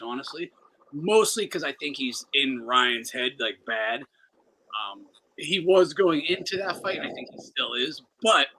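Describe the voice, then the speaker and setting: A man's voice: a little high, sharp tone, slightly rough, poor audio. A man co-hosting a casual boxing talk show, swearing and breaking into coughs. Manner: coughing fits, profane. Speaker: boxing podcast co-host. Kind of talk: casual chat.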